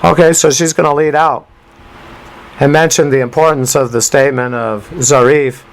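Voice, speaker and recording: Emphatic talk-radio man, higher voice. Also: fairly even intonation, normal speed, vocal fry, low-quality recording. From United States. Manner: rambling, emphatic, rhyming asides. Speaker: radio show host. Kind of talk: talk radio commentary on a news clip.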